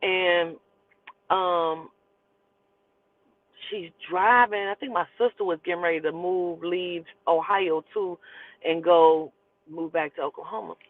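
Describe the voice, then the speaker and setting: A woman's voice: fairly low pitch, slow, pauses often. A woman in her forties tells her own story bluntly and with a lot of swearing and emphasis. The sound is thin and phone-like, and there is no room echo at all. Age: 40s. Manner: blunt, profane, emphatic retelling. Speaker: storyteller host. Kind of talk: casual storytelling. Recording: tinny phone-like, dry sound.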